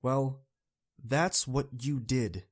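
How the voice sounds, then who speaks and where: A young man hosting a podcast, giving an earnest, encouraging motivational talk to students that swings from soft to impassioned. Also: medium pitch, extremely slow. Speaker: podcast host.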